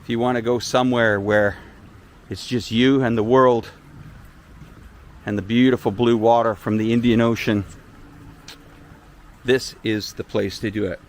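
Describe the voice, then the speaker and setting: A man hosting a live-stream tour, chatting in an animated, storytelling way from outdoors at a beach resort. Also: medium pitch, measured pace, pauses often. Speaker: vlogger host.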